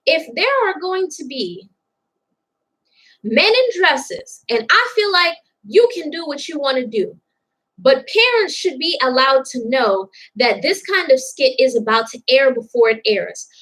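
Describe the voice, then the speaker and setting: A woman's voice: sits high, very animated, unhurried, a bit bright, rough recording. A young woman commenting on a TV clip in a reaction vlog, outspoken and indignant, stressing her points with emphasis.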